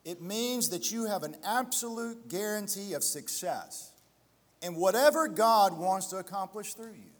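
A man's voice: high-pitched, animated, a little slow, in a large hall. A male pastor preaching a sermon, building to emphatic exhortation and slipping into self-deprecating storytelling asides.

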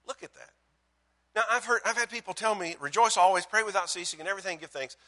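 A middle-aged man preaching a guest sermon with humorous personal stories, animated and self-deprecating, swinging from loud exclaiming to quiet asides. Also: sits high, quick pace, long reverb tail.

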